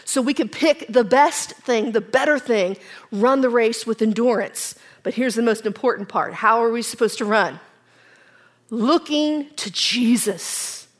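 A woman giving an earnest personal testimony as a church speaker, swinging from strong declarations to soft, near-whispered reflection. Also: on the high side, moderate pace. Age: adult with children. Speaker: women's ministry speaker.

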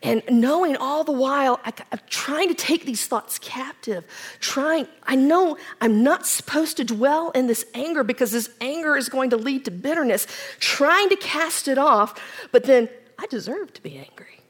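A woman giving an earnest personal testimony as a church speaker, swinging from strong declarations to soft, near-whispered reflection. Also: high-pitched, normal speed. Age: adult with children. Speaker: women's ministry speaker.

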